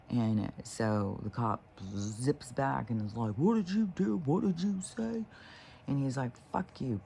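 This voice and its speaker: A man's voice: on the low side, gravelly, darkish tone, a little hiss or hum. A man talking in a loose, rambling monologue, swearing freely and restarting his sentences as he goes. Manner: rambling, profane, full of fillers and restarts. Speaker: spiritual vlogger.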